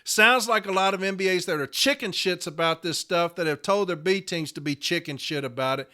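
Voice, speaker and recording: A man's voice: sits high, a little fast, sharp tone. A man in his fifties, a podcast host and letter carrier, delivering a furious, profane, confrontational rant. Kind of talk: angry rant.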